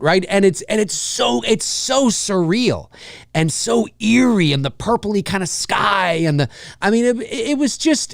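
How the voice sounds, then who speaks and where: A man hosting a live film talk, enthusiastic and rambling with many fillers, dropping into quick mimicked voices. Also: high voice, gravelly, dry recording, clean studio sound. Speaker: host.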